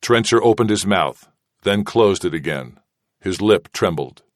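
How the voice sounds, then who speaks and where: A man reading an audiobook narration in a steady, measured way. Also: low-pitched, dry recording, clean studio sound. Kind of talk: scripted narration.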